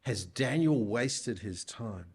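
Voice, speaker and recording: Male preacher, church sermon, unhurried pace, deliberate, rhetorical questions. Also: medium pitch, expressive, breathy edge.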